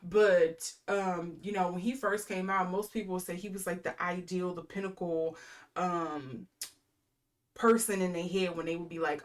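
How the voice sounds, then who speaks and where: A woman's voice: fairly low pitch, fairly even intonation, moderate pace. Rambling woman giving a tarot reading. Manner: rambling, lots of fillers, reels off card keywords. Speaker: tarot reader. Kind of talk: casual intuitive tarot reading.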